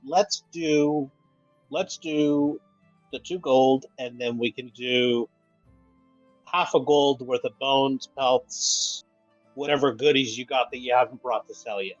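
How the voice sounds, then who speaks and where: A man's voice: medium pitch, fairly even intonation, slow pace, dry recording, dull audio, soft background music. A man playing his character in a tabletop game, haggling in an easygoing way. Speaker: player.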